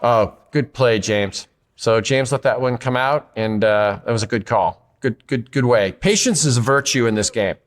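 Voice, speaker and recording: A man calls pickleball play-by-play from an outdoor court with a voice in the middle of his range. His delivery is upbeat and steady as he follows each rally. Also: medium pitch, normal speed. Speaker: pickleball commentator. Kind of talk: play-by-play sports commentary.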